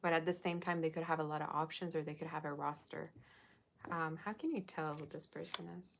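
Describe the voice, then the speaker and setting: A woman's voice: sits low, steady tone, a little fast, vocal fry, slight background noise. A woman casually talking through a tarot reading, chatty and loose with slang. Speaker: tarot reader.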